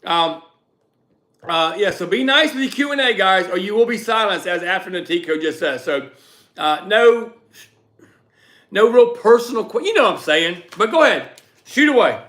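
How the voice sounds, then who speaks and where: Loud, bright-voiced man hosting a live stream. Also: sits high, moderate pace, pauses often. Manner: loud, animated, chatty. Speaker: livestream host and reseller. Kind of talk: casual live-stream chat answering viewers.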